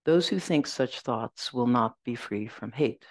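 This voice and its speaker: A woman Zen teacher giving a dharma talk, reflective and gentle, telling a personal story and reciting verses slowly. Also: extremely low pitch, no room sound.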